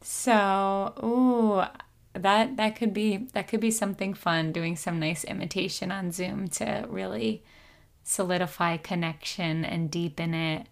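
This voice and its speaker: A woman co-hosting a podcast over a video call, gently guiding vocal play exercises in a soft, soothing way. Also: mid-range voice, fairly even intonation, a little slow, vocal fry. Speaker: co-host leading vocal play.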